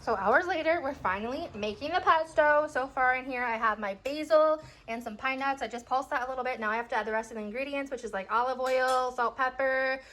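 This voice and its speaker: A woman's voice: sits high, fairly quick, few pauses, fairly bright tone, rough recording. A young woman chatting casually to camera in a home vlog, giggly and self-mocking as she cooks and gardens. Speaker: vlogger.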